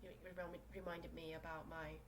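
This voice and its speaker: Here a podcast host talks with a deep voice, flat delivery and a moderate pace, with background noise behind her. She's a young woman from South Korea using English as a second language, rambling through a casual solo show in her small room with many fillers and restarts.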